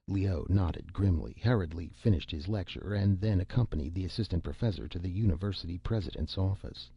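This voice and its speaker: Male audiobook narrator, gravelly low voice, dry and a bit dull lo-fi sound. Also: no room sound. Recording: dull lo-fi recording.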